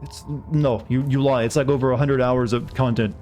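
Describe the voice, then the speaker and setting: A man's voice: mid-range voice, steady tone, normal speed, a little mellow, soft background music. A male streamer giving casual, rambling gameplay commentary while chatting with viewers. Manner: chatty, rambling, many restarts.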